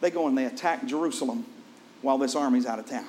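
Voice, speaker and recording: A man preaching a sermon, retelling a scripture story with lively storytelling, asking the congregation questions, and dropping soft and low for solemn points. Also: quick pace, a little hiss or hum.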